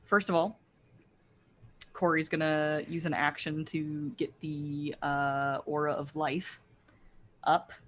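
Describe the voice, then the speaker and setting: A woman playing in a tabletop game, excitable and prone to loud outbursts. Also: deep voice, takes it slowly, long pauses. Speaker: player.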